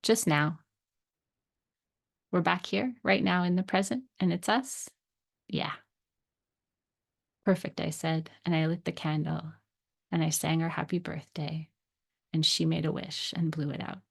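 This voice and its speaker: Low, gravelly woman telling a story. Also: steady tone, a little slow, long pauses. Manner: gentle storytelling, voicing quoted dialogue. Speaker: podcast host. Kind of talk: scripted personal story narration.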